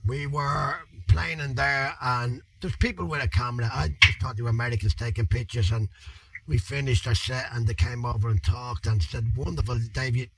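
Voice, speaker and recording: A man in his fifties with a Dublin accent, telling a story as an interview guest in a colloquial, animated way, with plenty of swearing. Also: mid-range voice, moderate pace, breathy edge, poor audio. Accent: Irish, Dublin. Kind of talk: anecdotal storytelling.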